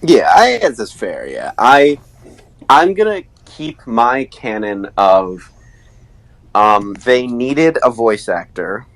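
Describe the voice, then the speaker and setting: Brief: male voice actor in casual chat, lively pitch, animated storyteller. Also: slow, poor audio.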